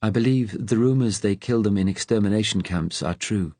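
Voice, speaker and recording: A man's voice: lowish voice, a little fast, darkish tone, dry recording, pitched above the performer's own voice. A man voicing Natalia, a hard, cold, composed woman resistance agent who speaks in a cool, clipped way, in a storybook audiobook.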